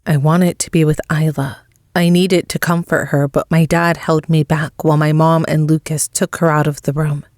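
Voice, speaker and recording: Low-voiced woman reading an audiobook. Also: level tone, a little mellow, no room sound, clean studio sound. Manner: slow, measured, emotional reading. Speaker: audiobook narrator. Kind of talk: scripted first-person audiobook narration.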